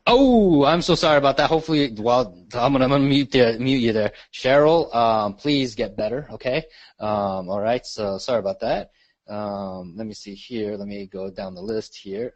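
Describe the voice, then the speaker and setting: A man's voice: mid-range voice, no echo, highs cut off. Man running a training call, keeps asking right?. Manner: conversational, repeats questions, lots of "right?" and "okay?". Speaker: real estate marketing trainer. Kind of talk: live training call, teaching.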